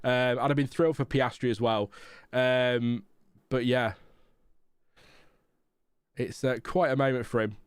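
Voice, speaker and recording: Chatty man, smooth dry voice. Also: medium pitch, fairly even intonation, unhurried, pauses often, dry recording. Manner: chatty, frank, rambling with fillers. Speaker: livestream host. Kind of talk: casual live race watchalong chat.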